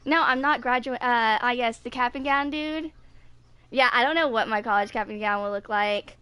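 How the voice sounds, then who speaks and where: A woman's voice: fairly high pitch, moderate pace, bright, forceful tone, clear, resonant tone, no room sound. A woman in her twenties chatting casually with viewers while streaming a game, full of fillers like "like" and "dude.". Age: 20s. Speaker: gaming streamer. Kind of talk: casual live-stream chat.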